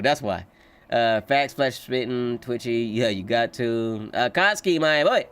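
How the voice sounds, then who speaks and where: A man's voice: medium pitch, expressive, a little slow, a bit bright, smooth, faint music behind. A man streaming a live reaction, chatting loosely with swearing, reading chat aloud and laughing often. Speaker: streamer reacting to a manga chapter.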